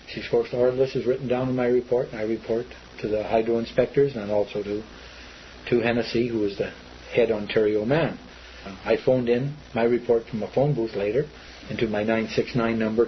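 A man tells his story in a loose, rambling way, repeating words and acting out what others told him. His voice sits at an ordinary middle pitch. The recording is a little dull and muffled, with a faint hiss behind it. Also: fairly even intonation, a little fast. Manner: rambling, repetitive, acts out quoted speech. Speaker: eyewitness telling his story. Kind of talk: casual spoken recollection.

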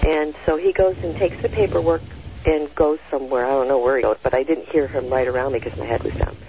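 Woman, 60s, gravelly, meandering storyteller; muffled recording with a faint hiss. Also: low-pitched. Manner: rambling, with many fillers and self-corrections. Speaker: storyteller recounting a personal experience. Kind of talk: casual spoken storytelling. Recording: dull lo-fi sound with faint noise.

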